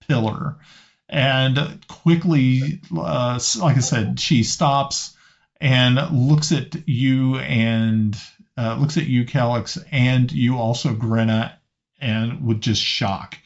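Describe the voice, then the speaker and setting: A man narrating as game master of a tabletop game, hesitant and often restarting his sentences. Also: medium pitch. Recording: slightly muffled lo-fi audio.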